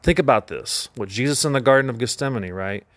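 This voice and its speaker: A man's voice: mid-range voice, animated, a little fast, a bit bright, dry recording. A man hosting a Christian teaching podcast, talking in an earnest, emphatic preaching manner. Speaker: podcast host.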